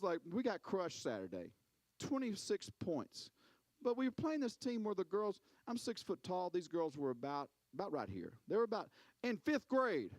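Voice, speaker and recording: A pastor preaches a sermon, telling stories animatedly, repeating words, and acting out quotes. His voice is a little high, his speed normal, and there's no room sound.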